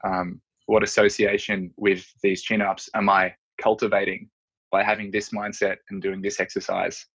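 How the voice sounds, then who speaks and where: A man with a low, husky voice talks through his ideas in a relaxed, searching way, often pausing on fillers. The recording is dull and lo-fi. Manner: reflective, searching, many fillers. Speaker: strength and yoga coach, podcast guest. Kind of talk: casual interview chat. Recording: dull lo-fi audio.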